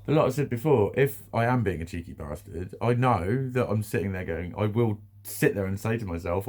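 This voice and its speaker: A man's voice: lowish voice, animated, brisk, hardly any pauses, darkish tone. A British man ranting bluntly in a casual vlog monologue, swearing freely, repeating himself and laughing now and then. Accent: British English. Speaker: vlogger.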